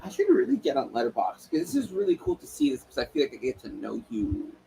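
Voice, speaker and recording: A man's voice: mid-range voice, huge pitch swings, fast talker, vocal fry, warm tone, slight background noise, low-quality recording. A man co-hosting a podcast who talks casually and playfully about films, teasing his friend and swearing now and then. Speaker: podcast co-host. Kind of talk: casual film chat.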